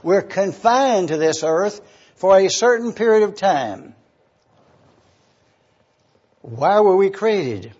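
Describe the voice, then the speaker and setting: Slow, husky older preacher. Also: male voice, high-pitched, animated, a little mellow. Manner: slow, questioning, repeats points. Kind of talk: sermon. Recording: dull lo-fi recording.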